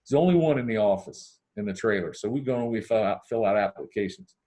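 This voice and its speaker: Podcast guest: man from Ohio, low-ish voice, animated casual storyteller who acts out every line of dialogue. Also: fast talker. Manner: animated, acts out dialogue with big pitch swings.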